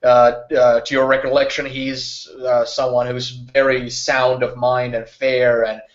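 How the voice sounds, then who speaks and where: A man's voice: mid-range voice, level tone, measured pace. A man narrating a tabletop role-playing game as game master, rambling and full of fillers. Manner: rambling, filler-heavy, with frequent uh and like. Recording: muffled lo-fi recording.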